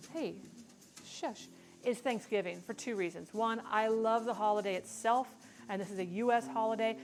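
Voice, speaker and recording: A woman's voice: medium pitch, a little mellow. A woman hosting a cooking livestream, chatting casually while she cooks and reads viewer questions aloud, playful and self-mocking.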